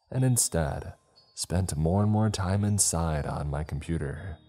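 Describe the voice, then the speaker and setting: Very deep, slow horror narrator man. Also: warm tone. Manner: slow, ominous storytelling. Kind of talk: scripted narration.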